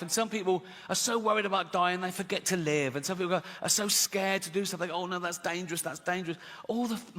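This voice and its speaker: A man's voice: sits high, fairly bright tone. A man doing stand-up comedy, telling chatty stories and chuckling at his own jokes. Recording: long hall reverb, faint noise.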